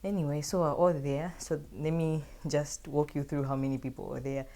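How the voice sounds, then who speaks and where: A woman's voice: low-pitched, steady tone, normal speed, dark tone. A young woman casually telling a personal story to her viewers in a chatty, filler-heavy way.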